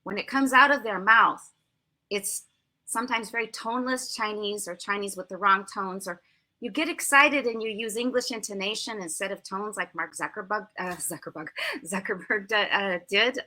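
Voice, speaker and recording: An American woman in her sixties, a language teacher, giving lively, emphatic explanations as an interview guest. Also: medium pitch, normal speed. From United States. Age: 60s. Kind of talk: conversational interview answers.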